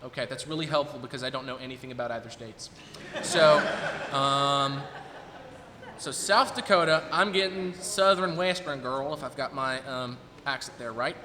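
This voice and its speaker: A man's voice: medium pitch, a little fast, hardly any pauses. A man in his twenties, a performer at his recital, chatting casually with the audience and thinking aloud as he goes. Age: 20s. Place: recital hall. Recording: long hall reverb, faint noise.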